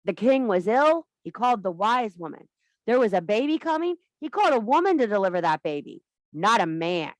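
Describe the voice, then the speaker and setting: Speaking in a mid-range voice with big swings in pitch and a brisk pace, this woman addresses a women's circle as a spiritual teacher. There's no echo, and her preaching comes across as passionate, blunt, emphatic and full of profanity.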